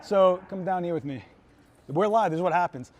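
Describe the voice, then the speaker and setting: Giving a live gear demo on a trade show floor, this male photographer teaches in a chatty, casual, enthusiastic way. His voice sits high and is brisk and a little mellow.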